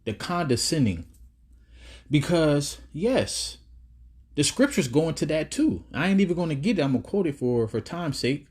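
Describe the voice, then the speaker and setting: A man's voice: on the high side, very animated, moderate pace, darkish tone, slightly rough. Breathless man preaching scripture. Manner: preachy, quotes scripture at length; casual street talk. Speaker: scripture commentator reacting to a clip. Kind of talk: religious reaction commentary.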